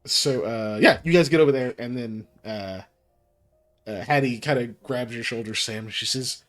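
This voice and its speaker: A man's voice: medium pitch, moderate pace. A man running a tabletop game as game master, chatty and often laughing.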